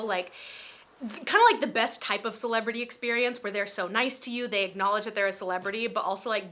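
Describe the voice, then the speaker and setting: A young woman in her twenties telling a storytime vlog in a chatty, animated way, with lots of "like". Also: on the high side. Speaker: vlogger.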